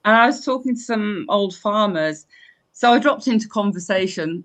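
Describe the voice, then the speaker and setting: An older woman from England hosting a casual live-stream chat, telling stories in a chatty, animated way with frequent restarts. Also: medium pitch, moderate pace. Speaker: host.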